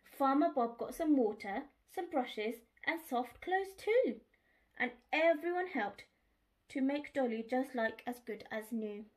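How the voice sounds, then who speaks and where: A woman reading a children's picture book aloud, expressive and speaking to young listeners. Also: sits high, takes it slowly. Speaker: storyteller.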